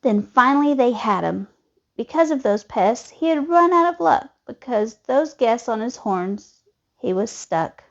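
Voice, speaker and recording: A woman reading a children's storybook aloud in a lively, expressive way. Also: a little high, unhurried. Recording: dull lo-fi recording.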